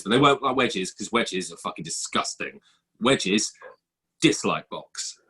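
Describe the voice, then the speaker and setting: A man's voice: sits low, fairly quick, sharp tone, slightly rough. A man co-hosting a casual podcast chat, blunt and sweary as he tells stories. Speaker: podcast co-host.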